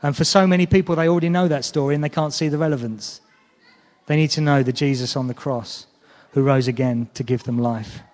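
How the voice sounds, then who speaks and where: A man with a mid-range, darkish voice preaches briskly, earnest and conversational, frequently checking in with his listeners. The recording has a long hall reverb.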